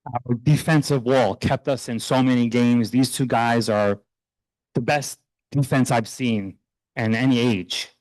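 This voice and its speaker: A middle-aged man, a youth soccer coach, speaking earnestly and proudly while honoring his players at a town meeting, loose and a little halting. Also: medium pitch, steady tone, a little mellow, no echo, rough recording. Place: township council meeting room.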